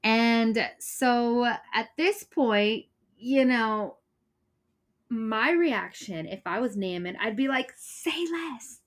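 A woman casually retelling a Bible story, chatty and expressive, acting out the characters' lines and laughing as she goes. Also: a little high, slow pace. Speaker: Bible study presenter.

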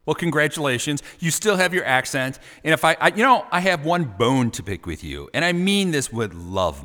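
Broadcasting live from a Chicago studio, a male radio host playfully teases his guest with jokes and big swings in loudness. His medium-pitched voice is very animated, moving at normal speed with hardly any pauses, in a big-room sound.

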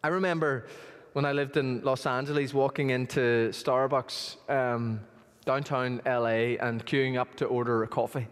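A male pastor preaching a sermon, telling stories with lively emphasis, in a church hall. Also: mid-range voice, moderate pace, clean tone. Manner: storytelling, rising to animated emphasis. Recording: long reverb of a large hall.

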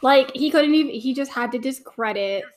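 A woman's voice: high-pitched, normal speed, slight background noise, poor audio. A young woman hosting a podcast, chatting casually through a watch-along commentary, gushing and full of fillers. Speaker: podcast host.

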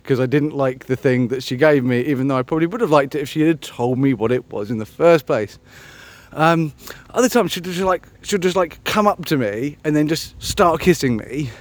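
A man musing aloud on a solo podcast, meandering and self-mocking, with many ums and restarts. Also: a little high. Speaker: podcast host. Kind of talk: rambling solo podcast chat.

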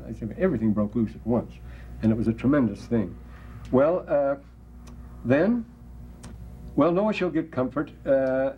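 A man lecturing in a classroom, mid-pitched and discursive, reading scripture aloud and wandering into asides and corrections. The recording is dull and lo-fi, with a faint hiss underneath. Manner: discursive, many restarts and asides, reads passages aloud.

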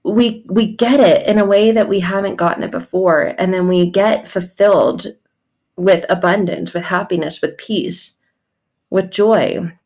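A woman's voice: on the low side, measured pace, darkish tone. A woman in her thirties giving a casual devotional talk, bubbly and chatty, often breaking into laughter. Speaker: faith vlogger.

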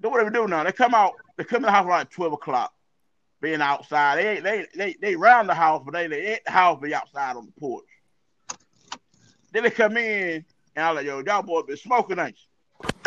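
A high-voiced man tells a rowdy, profane story on a podcast, looping back over his own words as he goes. The sound is dull and lo-fi. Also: moderate pace, no echo. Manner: animated, profane storytelling with lots of repeats. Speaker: podcast host. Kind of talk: casual storytelling chat.

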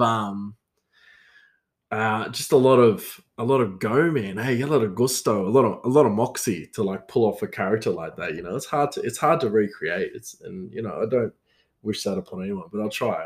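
Rambling man telling casual stories. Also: lowish voice. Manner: rambling, lots of fillers and restarts, frequent laughter. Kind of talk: casual storytelling.

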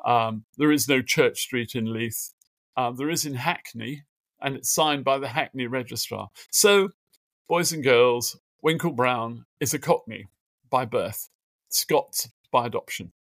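This middle-aged man, a guest biographer on a remote interview, speaks at a measured pace in a mid-range voice over a dry recording. Seated at his home office desk, he tells animated stories full of fillers, dramatizing the quotes.

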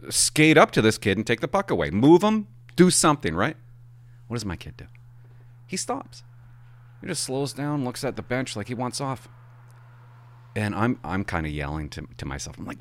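Animated, rambling middle-aged man storyteller. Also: medium pitch, moderate pace, long pauses. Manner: rambling, animated, swears for emphasis. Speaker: hockey parent. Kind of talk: casual storytelling monologue.

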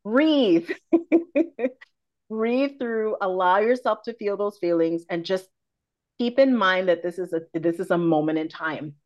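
A woman's voice: medium pitch, animated, measured pace, darkish tone, lo-fi sound. A woman in her forties, a confidence coach and podcast guest, talking frankly and expressively in casual conversation, swearing freely.

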